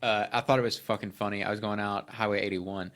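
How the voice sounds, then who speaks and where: A man co-hosting a casual podcast, telling stories in a relaxed, profane way and laughing as he talks. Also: lowish voice, quick pace. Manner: laid-back, profane, laughing storyteller.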